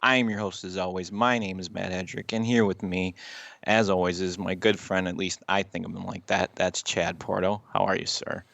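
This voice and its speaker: A man's voice: low-pitched, little pitch movement, normal speed, creaky, fairly bright tone, dry recording, dull audio. A man hosting a podcast, laid-back and swearing casually as he laughs along. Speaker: podcast host. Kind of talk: casual chat.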